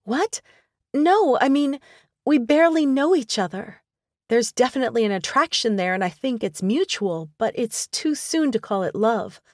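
A young woman on the edge of tears, high and fluttery as she frets over a new love, put on by a female audiobook narrator. She sounds close and dry, with no room around her. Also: lively intonation, normal speed, dry recording, close to an everyday voice. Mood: flustered. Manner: high, tearful and flustered.

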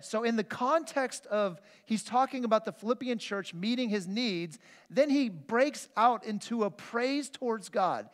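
Male pastor, high voice, earnest storytelling sermon, long church-hall reverb. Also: unhurried. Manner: earnest, storytelling, frequent restarts. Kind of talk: conversational sermon with personal stories. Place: church sanctuary.

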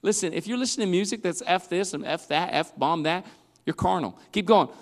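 A man preaching a youth sermon in a church, animated and swinging between loud and hushed. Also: sits high, a little fast. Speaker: youth pastor. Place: church hall. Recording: long hall reverb.

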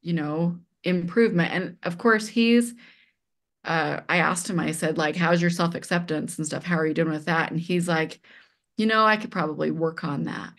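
Animated middle-aged woman telling a story. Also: lowish voice, normal speed. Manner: animated, acts out quoted dialogue, many fillers like "like". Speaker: guest. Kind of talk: casual conversational storytelling.

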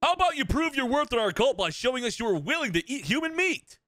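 A man voicing a commanding male cult leader in a slow, theatrical villain delivery. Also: very high-pitched, big pitch swings, fairly bright tone, a little hiss or hum, pitched above the performer's own voice, heavily acted. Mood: menacing.

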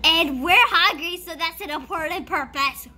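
A woman playing a school role-play game, talking excitedly through it and bursting into shrieks and giggles. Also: very high-pitched, normal speed. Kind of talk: playful gameplay commentary.

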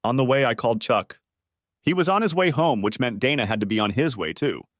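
A male audiobook narrator reading a first-person story with an expressive, animated delivery. His pitch moves a lot, and the studio sound is dry and close. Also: a little fast, dry recording. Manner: expressive, voicing quoted lines.

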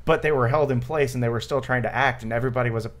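A man's voice: medium pitch, fairly even intonation, racing. Man, podcast host, casual movie chat, rambling, lots of ums, laughs often.

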